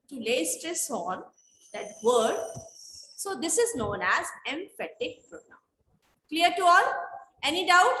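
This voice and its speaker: A woman with a Nepali English accent teaching a primary school English class online, explaining slowly and checking whether students understand. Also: high-pitched, pushed and bright, reverberant, slight background noise, low-quality recording. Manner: slow, deliberate explaining with repeated checks for understanding.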